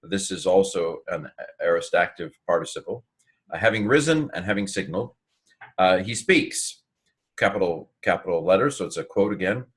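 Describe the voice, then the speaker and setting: Halting low-voiced male teacher. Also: lively intonation, a bit bright. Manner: halting, full of fillers and restarts, thinks aloud. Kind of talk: informal Greek lesson.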